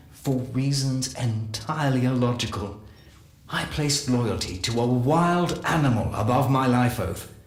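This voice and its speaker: An actor playing a solemn male scientist narrating a game audio journal, measured and confessional. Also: mid-range voice, close to an everyday voice. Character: solemn male scientist recounting guilty secrets. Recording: echoey voice with faint music.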